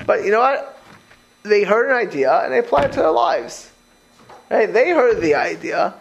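A man's voice: high-pitched, normal speed, gravelly, slight background noise, rough recording. A man teaching a Torah class as a rabbi, talking straight to his listeners with rhetorical questions and frequent restarts. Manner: animated, conversational, repeats words while restarting. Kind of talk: informal Torah lecture.

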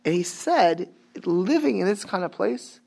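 A rabbi talks through an informal Torah class. His voice sits high and carries a gravelly edge. He repeats himself and mixes Hebrew and Yiddish terms into plain English. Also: expressive, unhurried, a little mellow.

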